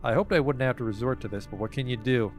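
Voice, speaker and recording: A man voicing a hoarse, jumpy male smuggler who swings between eagerness and snarling threats, read from game dialogue. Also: medium pitch, quick pace, soft background music, natural voice. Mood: grudging. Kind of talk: reading game dialogue aloud.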